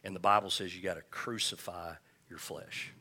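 Male pastor, lower register, pointed edgy delivery; casual preaching with jokes and call-and-response. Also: steady tone, bright, forceful tone, husky. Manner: folksy, joking asides, scripture read slowly. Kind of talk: conversational sermon with call-and-response.

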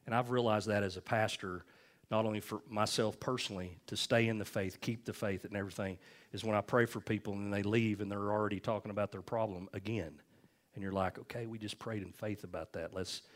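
Man, pastor, folksy sermon, storytelling, lowish pitch. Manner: folksy storytelling preacher, animated retelling.

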